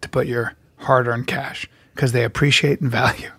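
A podcast co-host with a husky, medium-pitched voice talks at a moderate pace in a dry recording. Chatting casually, he tells stories with animation and acts out what people said.

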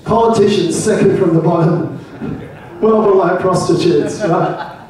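A man's voice: sits high, a little slow, a little mellow. Australian man in an echoey hall. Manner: jokey, leads audience chants. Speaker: presenter at an expats club meeting. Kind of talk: humorous talk to a live audience. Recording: echoey hall, mic from far off.

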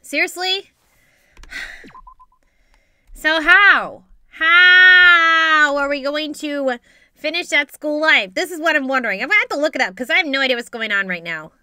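A woman playing a game and reading its dialogue aloud with animated asides. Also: sits high, no room sound, clean studio sound. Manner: animated, reads lines in voices, quick asides. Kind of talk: let's play commentary.

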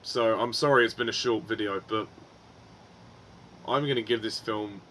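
A man's voice: fairly low pitch, normal speed, sharp tone, a little hiss or hum. A man giving a frustrated, swearing film review, with many ums and restarts.

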